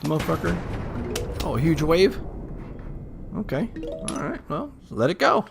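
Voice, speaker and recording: A middle-aged man with a gravelly, fry-edged voice rambles through casual gameplay commentary at home. He swears freely and keeps a deadpan, sarcastic tone. Loud music plays behind him the whole time. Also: fairly high pitch, a little slow. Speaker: gaming channel host.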